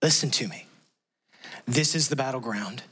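A man's voice: medium pitch, moderate pace, bright, forceful tone, husky. A middle-aged male pastor preaching an impassioned sermon in a church, acting out the voices of the people in the story he tells. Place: church sanctuary.

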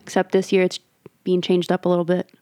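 A woman's voice: lowish voice, completely flat delivery, fast talker, mellow, no echo. A woman in casual chat with friends, speaking in an easygoing, matter-of-fact way.

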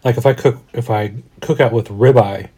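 A man's voice: mid-range voice, normal speed, dark tone, slightly rough. A man in his forties from Denver, co-hosting a casual podcast and talking in a rambling, reflective way with frequent restarts. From Denver, USA. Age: 40s. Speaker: podcast co-host. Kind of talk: casual chat.

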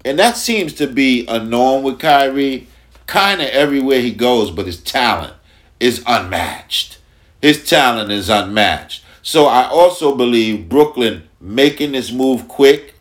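A man hosting a casual sports talk podcast, speaking emphatically and repeating phrases for effect. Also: medium pitch. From Long Island, New York. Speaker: podcast host.

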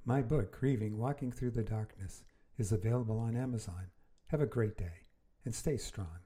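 A man hosting a podcast, reading his own grief memoir aloud in a slow, measured, earnest way. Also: on the low side, dark tone, breathy edge. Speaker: podcast host.

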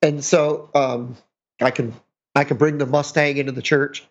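A man's voice: mid-range voice, level tone, normal speed. Podcast co-host, middle-aged man, sarcastic rambler, muffled lo-fi sound. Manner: rambling, self-mocking, sarcastic. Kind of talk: casual chat. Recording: dull lo-fi sound.

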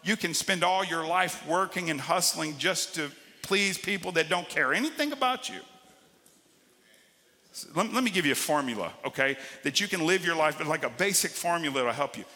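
A man preaching a sermon as pastor, swinging between loud emphatic lines and quiet drawn-out ones. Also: a little high, animated, long reverb tail.

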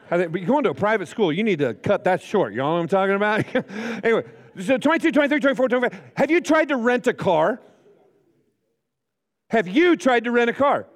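A high, very lively man's voice preaching to a college chapel. He is a middle-aged pastor who jokes, tells stories and acts out the voices in them. A long hall reverb trails every line. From United States. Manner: storytelling, jokey, acts out quotes. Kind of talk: chapel sermon.

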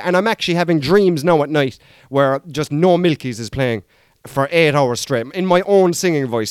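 An Irish man riffs through a casual comic monologue, rambling and poking fun at himself. His voice sits a touch high for a man. The sound is dry and close to the mic. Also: clean tone, no echo. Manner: rambling, self-mocking, chatty asides. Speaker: podcast host.

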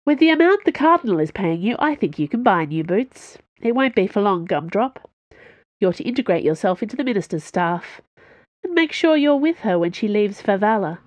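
A woman's voice: medium pitch, big pitch swings, moderate pace, darkish tone, dry recording, pitched above the performer's own voice, close to an everyday voice. A woman voicing a sarcastic female rogue. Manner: sarcastic, commanding. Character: sarcastic scarred female rogue, cool and mocking.

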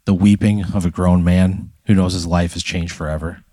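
A man's voice: low-pitched, little pitch movement, normal speed, mellow, no echo. A man co-hosting a comedy podcast, telling a long, dramatic hypothetical story in the second person. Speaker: podcast co-host. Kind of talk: comic storytelling.

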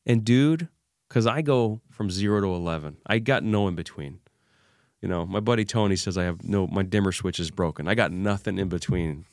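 Low-voiced man telling a gripping story. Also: normal speed, dry recording, studio quality. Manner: animated retelling, acts out remembered dialogue, many fillers. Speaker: guest. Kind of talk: emotional personal storytelling.

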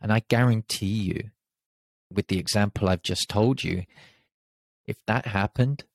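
Man, motivational podcast host, emphatic and casually profane, gravelly, dry close sound. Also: on the low side, a little slow, no echo. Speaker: confidence podcast host and coach.

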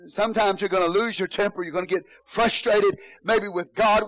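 A man's voice: sits high, brisk, few pauses, a bit bright, no room sound, rough recording. A male pastor preaching a sermon in a church, repeating phrases and calling out hallelujah.

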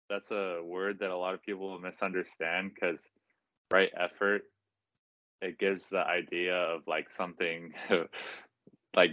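A young man, a student, talking on a video call in a halting way, filling his sentences with "like". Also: deep voice, no room sound. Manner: halting, with many "like" fillers. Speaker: student guest. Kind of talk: casual chat on a video call. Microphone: noise-canceling mic on a video call. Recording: dull, lo-fi video call audio.

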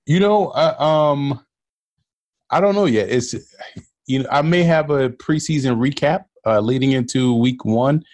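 Guest dude breaking down football, steady, stumbles over words a bit, dry audio. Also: male voice, mid-range voice, no room sound. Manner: measured, repeats words as he thinks. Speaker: guest analyst. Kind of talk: casual sports chat.

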